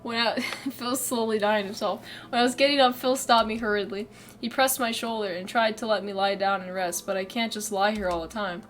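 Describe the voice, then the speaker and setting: A woman's voice: mid-range voice, fairly even intonation, brisk. Giggly woman reading a game aloud. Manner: giggly, chatty, self-mocking. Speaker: streamer.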